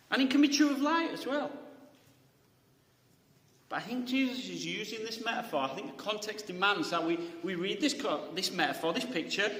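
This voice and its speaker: A man's voice: high voice, lively intonation, moderate pace, a bit bright. A man preaching a conversational sermon, often checking in with the congregation by asking "right?" and restarting his phrases. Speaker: pastor. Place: church hall. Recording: echoey hall with long reverb.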